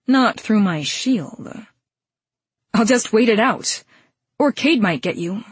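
A woman voicing a smug, scheming male villain alchemist who taunts slowly and slyly. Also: mid-range voice, animated, breathy edge, dry recording, heavily acted. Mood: smug taunting. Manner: taunting, slow and sly.

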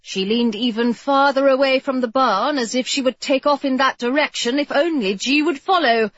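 A woman narrating a storybook in an expressive, lively reading. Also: high-pitched, moderate pace, no room sound. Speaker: audiobook narrator. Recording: dull, muffled audio, dry.

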